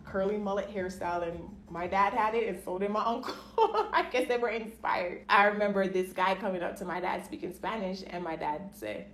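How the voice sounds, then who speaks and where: A woman's voice: medium pitch, a little fast, hardly any pauses, a bit bright. Chatty woman vlogging in an echoey room. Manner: chatty, laughs often, acts out quoted voices. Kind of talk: casual storytelling to camera. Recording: echoey room with faint ambient noise.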